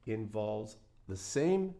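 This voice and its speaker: A man's voice: on the low side, expressive, slow, gravelly, mellow. A man teaching a guitar lesson, talking through picking exercises in a plain, encouraging way with the odd folksy quip. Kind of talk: instructional lesson.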